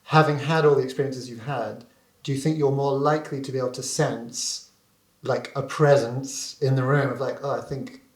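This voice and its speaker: A man's voice: mid-range voice, steady tone, normal speed. A man hosting an interview, asking curious, tentative questions that trail off. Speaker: interviewer, host. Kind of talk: conversational interview. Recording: echoey room.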